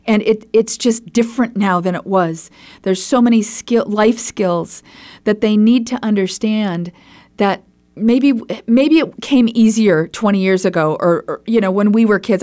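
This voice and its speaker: A woman's voice: mid-range voice, darkish tone. Effusive woman podcast host. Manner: effusive, enthusiastic agreement. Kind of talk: podcast interview.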